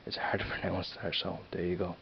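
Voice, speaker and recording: A man's voice: sits low, completely flat delivery, brisk, gravelly. A man with a Dublin accent, talking to camera in a rambling, hesitant way with lots of fillers and restarts. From Ireland. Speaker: vlogger. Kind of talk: casual rambling vlog. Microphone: camera mic. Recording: dull lo-fi camera audio with faint hiss.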